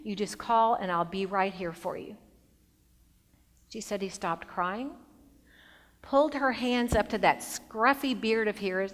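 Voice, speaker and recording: A middle-aged woman giving a motivational speech as a keynote speaker, an expressive storyteller who shifts between bright emphasis and hushed moments. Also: medium pitch. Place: large conference hall. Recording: long hall reverb.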